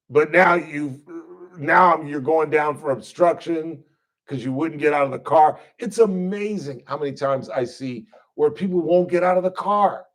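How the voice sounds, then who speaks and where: A middle-aged man hosting a talk radio show, delivering an animated monologue and mimicking people in whiny voices. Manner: animated, mocks arrestees in whiny high voices. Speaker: radio host.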